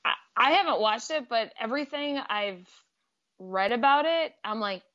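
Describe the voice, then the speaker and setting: A woman's voice: on the high side, lively intonation, moderate pace, fairly bright tone, dull audio. A woman co-hosting a casual movie podcast, trading dry, easygoing banter. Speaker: podcast co-host.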